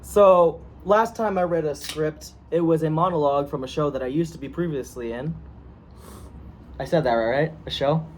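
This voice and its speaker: A young man from the United States, co-hosting a script reading video, banters casually before the reading begins. His voice is slightly high and his pace moderate, and he jokes, laughs a lot and stumbles over his words, with faint room noise in the background.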